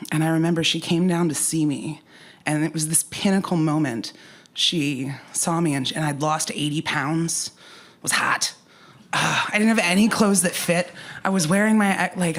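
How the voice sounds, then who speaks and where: A woman telling a personal story at a live story slam, candid and conversational, with frank asides. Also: sits low.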